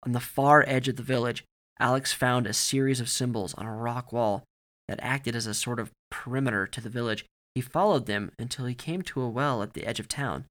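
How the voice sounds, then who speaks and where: A man reading a story aloud in a steady, grave narrating manner. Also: mid-range voice, a little fast.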